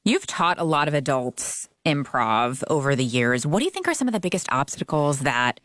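A woman with a low voice hosts a conversational interview. She talks in a relaxed, chatty way with plenty of fillers and laughs easily. The sound is dry and close. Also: moderate pace, dry recording. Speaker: interview host.

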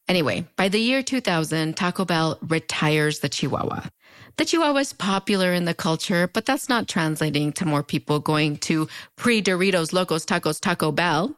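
A woman's voice: animated, normal speed, no room sound, clean studio sound. Wry woman with a border accent. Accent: fronterizo (US–Mexico border). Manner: wry, conversational, with big playful pitch swings. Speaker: video essay host. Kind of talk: scripted narration. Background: background music.

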